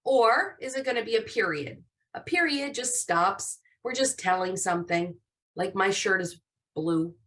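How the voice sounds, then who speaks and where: A woman teaching a live online class to young children, animated and encouraging. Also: on the high side, normal speed. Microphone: video call.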